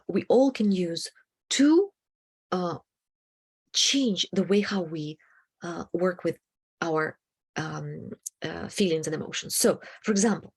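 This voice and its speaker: Husky-voiced woman teaching self-help. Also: medium pitch. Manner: halting, many fillers, drops into whispered asides. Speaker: emotional wellbeing coach.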